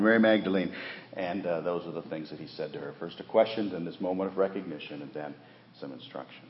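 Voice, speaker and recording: A man preaching a sermon as pastor, dramatic, swinging from hushed passages to loud exclamations. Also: deep voice, fast, a little hiss or hum. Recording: roomy, dull lo-fi church recording.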